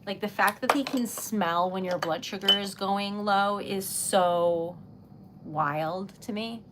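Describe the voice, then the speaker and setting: A young woman hosting a relaxed livestream, chatting casually with viewers as she crafts, rambling and giggling often. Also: mid-range voice, takes it slowly, noisy background. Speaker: livestream host. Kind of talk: casual chat while crafting.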